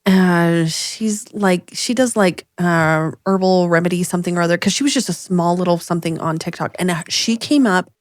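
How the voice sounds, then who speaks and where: A woman co-hosting a chatty podcast from a room at home. She tells a story in lively fashion, and her pitch leaps up whenever she quotes someone. The sound is close and dry, with no room echo. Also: normal speed, hardly any pauses. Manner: animated storyteller, voices quoted people with jumps in pitch. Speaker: podcast co-host. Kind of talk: casual storytelling chat. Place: home room with dogs nearby.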